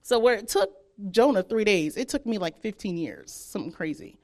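A woman's voice: medium pitch, normal speed. Chatty woman telling her story. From southern United States. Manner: animated, chatty, acts out quotes, laughs often. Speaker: speaker giving a testimony. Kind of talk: personal testimony.

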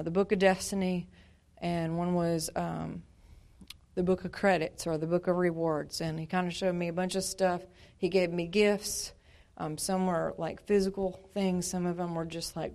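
Woman giving her church testimony, casual and meandering, slightly low and smooth, lots of fillers. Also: a little mellow. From Montana. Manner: rambling and conversational, with many fillers and acted-out asides. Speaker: speaker sharing her faith testimony.

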